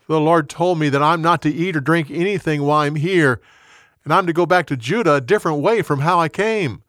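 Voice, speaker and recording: A bold, urgent young prophet, as a man voices him, crying out his warnings in a raised, higher voice. The sound is close and dry, with no room around it. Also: a little fast, no echo, natural voice. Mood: firm. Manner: loud proclaiming.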